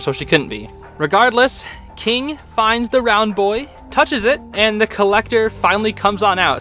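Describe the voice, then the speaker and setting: A young man with a high, sharply bright voice recaps an episode in casual talk. He sounds excitable and informal, with slang and plenty of fillers, over faint music. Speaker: host.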